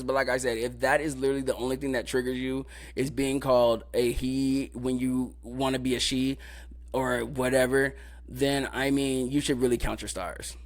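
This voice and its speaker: A male podcast host rants casually and emphatically, with profanity and frequently repeated filler phrases. When he gets fired up, his pitch jumps upward.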